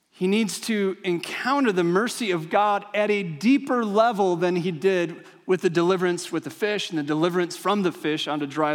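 A man preaching a sermon as a pastor, emphatic and dramatic, with casual conversational asides. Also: sits high. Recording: long hall reverb.

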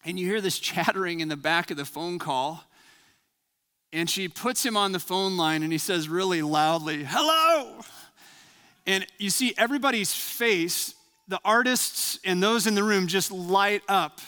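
A man's voice: high voice, moderate pace, bright, forceful tone, clean tone, big-room sound. A man preaching as a pastor, praying and then telling a story in an earnest, reflective way. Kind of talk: sermon.

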